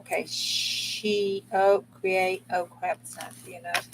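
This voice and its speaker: A woman's voice: medium pitch, flat delivery, takes it slowly. Folksy woman crafting on a noisy stream. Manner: folksy, blunt, mild cursing, talks while working. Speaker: crafting channel host. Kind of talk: casual crafting livestream chat.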